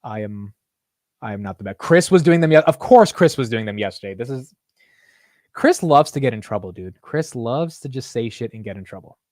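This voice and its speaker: A man's voice: mid-range voice, expressive, normal speed, darkish tone, no echo, studio quality. A young man with an American accent hosting a casual market livestream, chatty and slangy. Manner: casual, slangy, says dude and bro. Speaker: market show host.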